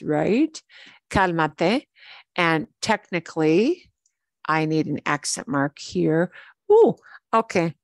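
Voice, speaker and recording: A woman teaching a beginner Spanish class, explaining commands in English and repeating each Spanish word slowly and patiently. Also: sits low, sing-song, no echo. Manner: switches between English explanation and Spanish examples. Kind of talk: online language lesson.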